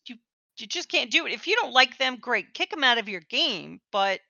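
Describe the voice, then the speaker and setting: A woman game master chatting on a podcast. Her voice is bright and clear and swings widely in pitch. She speaks frankly and holds firm opinions, and the sound is dry and a little dull. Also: no room sound. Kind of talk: casual chat.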